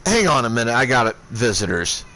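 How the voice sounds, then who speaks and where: A man in his thirties streaming from home, telling a story in a casual, profane way that flares into shouting. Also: mid-range voice, big pitch swings, a little fast, poor audio. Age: 30s. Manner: profane, heated retelling, shouting when angry.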